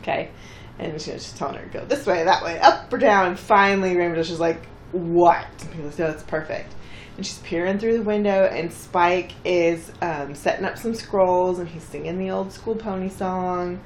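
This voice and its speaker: A woman's voice: a little fast, slight background noise. Chatty woman co-host, echoey room. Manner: chatty, acts out characters' lines with bursts of pitch. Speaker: podcast co-host recapping an episode. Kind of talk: casual chat.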